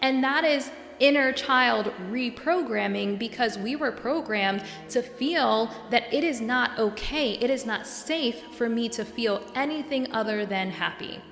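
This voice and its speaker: A young adult woman from New York hosting a solo podcast, talking earnestly and getting worked up and animated. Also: on the high side, unhurried, few pauses, soft background music. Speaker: podcast host and coach. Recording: echoey room with long reverb.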